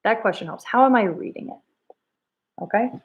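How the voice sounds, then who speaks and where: A woman's voice: a little high, moderate pace, highs cut off. A woman teacher leading a reading lesson, thinking aloud and coaxing students with questions. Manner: thinks aloud, rereads lines in different tones.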